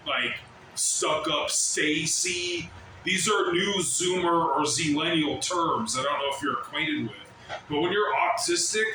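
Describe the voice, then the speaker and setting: A man ranting casually to the camera at work, rambling and swearing as he mimics other people's shouts. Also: fairly high pitch, recorded from a distance, noisy background. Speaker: vlogger. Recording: very echoey, from off the mic.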